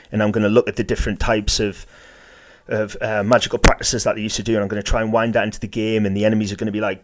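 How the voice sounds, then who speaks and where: Male podcast co-host, low register, stop-start delivery, casual. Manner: halting, many restarts; game master who likes to do voices. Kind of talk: casual discussion.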